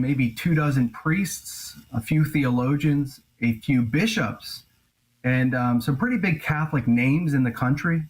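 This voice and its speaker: A male journalist and author answering interview questions in an earnest, grave way, with halting restarts. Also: medium pitch, rough recording.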